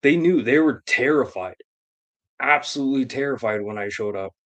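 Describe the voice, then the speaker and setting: A man spins a yarn on a live stream, swearing freely and circling back to repeat his points. His voice sits at an ordinary pitch, and his delivery is loose, crude and emphatic. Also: animated, moderate pace, a bit bright. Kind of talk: profane comedic storytelling.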